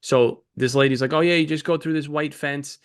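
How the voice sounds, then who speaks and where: A man co-hosting a podcast, telling a profane, animated story in casual chat and acting out the people in it. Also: fairly high pitch, fairly quick, smooth. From New York. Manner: animated, profane, acts out voices in anecdotes. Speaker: podcast co-host.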